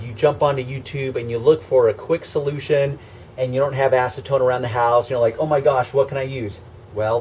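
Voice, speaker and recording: Warm and mid-range, this male detailing instructor's voice carries a faint hiss or hum. He shows how to repair car scratches hands-on, explaining each step emphatically in a conversational way.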